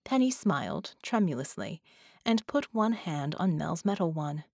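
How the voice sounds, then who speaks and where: A woman's voice: on the low side, big pitch swings, a little slow, a little mellow, no room sound. Woman narrating an audiobook, dry sound. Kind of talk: scripted narration.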